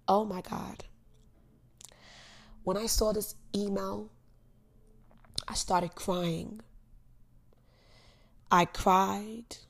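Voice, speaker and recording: A young woman hosting her own podcast, telling an emotional personal story in earnest, with sudden loud bursts and soft, hushed asides. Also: mid-range voice, steady tone, very slow, vocal fry, pauses often. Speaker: podcast host. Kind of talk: personal motivational monologue.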